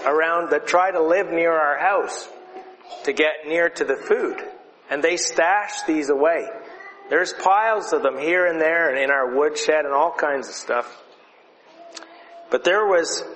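A man telling a lively story to a group of children in a conversational way, showing objects as he goes. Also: a little high. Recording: reverberant hall, faint noise.

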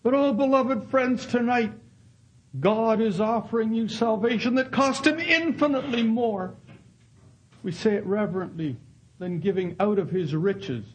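A man's voice: high voice, measured pace, slight background noise, poor audio. A man preaching a sermon in an earnest storytelling manner, acting out the people in his stories. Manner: earnest, acts out voices in quoted dialogue. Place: Canada.

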